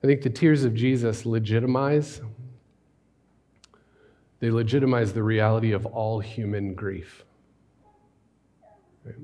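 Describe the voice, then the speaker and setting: Pastor guy giving a sermon, chatty and questioning, goes quiet on the big words. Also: fairly low pitch, steady tone, unhurried, pauses often. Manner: conversational, questioning, drops to a hush on key words.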